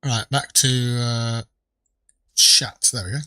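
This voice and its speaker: A man's voice: medium pitch, fairly even intonation, slow pace, sharp tone, clear, resonant tone, no room sound. A man live-streaming a game, chatting casually with viewers in a rambling, joking way and swearing freely. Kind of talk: casual live-stream chat while gaming.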